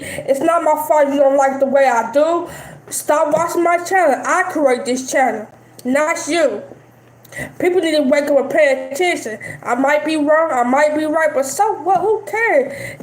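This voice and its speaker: High-pitched woman streamer, defiant, keeps repeating herself, echoey room, faint music. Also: a little mellow. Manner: defiant, repetitive, dismissive. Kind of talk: live-stream rant.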